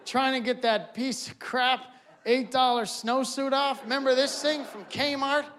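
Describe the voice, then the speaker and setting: A man performing stand-up comedy on a stage, animated and acting out scenes. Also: extremely high pitch, measured pace. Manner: animated, acts out voices and scenes. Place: auditorium stage before a live audience.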